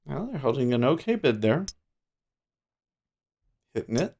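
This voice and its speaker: A man hosting a day trading livestream, casually thinking out loud in a relaxed, drowsy, rambling way. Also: medium pitch, measured pace, vocal fry. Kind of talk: casual live market commentary. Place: home trading desk with large screens.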